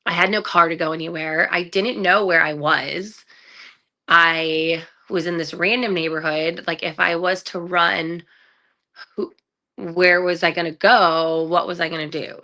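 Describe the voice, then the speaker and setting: A woman with a bright, forceful tone and a somewhat low pitch for a woman tells her own story as a podcast guest. She talks candidly, full of fillers, and often acts out quoted lines. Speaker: guest, trafficking survivor. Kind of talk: personal story in conversation.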